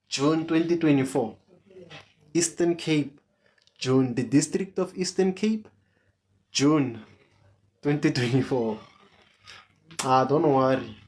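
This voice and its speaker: A maths tutor leads an online lesson at an unhurried pace. The voice sits at a middling pitch, and each question gets asked several times over to draw the students in. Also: a little mellow.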